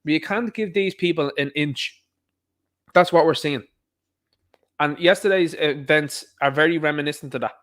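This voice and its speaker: A man's voice: fairly high pitch, normal speed, long pauses, a bit bright. A man with an Irish accent delivering an opinionated monologue, emphatic and repetitive, firing off rhetorical questions. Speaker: online commentator.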